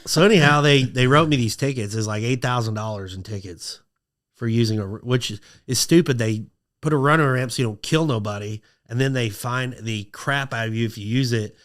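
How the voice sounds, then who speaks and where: A man chatting as a podcast guest, spinning a story with plenty of energy. His pitch sits in an ordinary middle range for a man. He slips into high, excited voices when he acts out what people said. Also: fairly quick. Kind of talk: casual storytelling.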